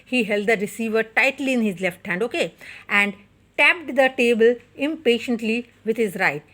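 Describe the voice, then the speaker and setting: A woman's voice: on the high side, normal speed, a bit bright. A woman teacher with an Indian English accent, reading a story aloud and then explaining it in simple words to her class. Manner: reads a passage then paraphrases it, with frequent "okay".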